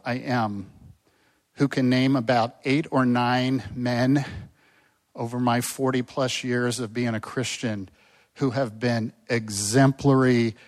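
An older man delivering a sermon in an earnest, conversational way. He speaks at a middle pitch and keeps checking in with his listeners through rhetorical questions. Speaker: pastor.

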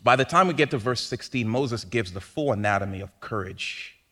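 A man preaching a sermon in a conversational way, asking rhetorical questions and swinging from hushed lines to loud bursts. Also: medium pitch, expressive, moderate pace. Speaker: pastor.

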